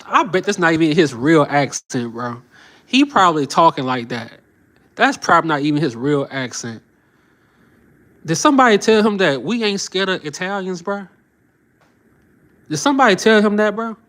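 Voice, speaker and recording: A man's voice: on the high side, lively intonation, moderate pace, fairly bright tone. A man giving casual reaction commentary, mocking and slangy, often laughing. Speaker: reaction channel host.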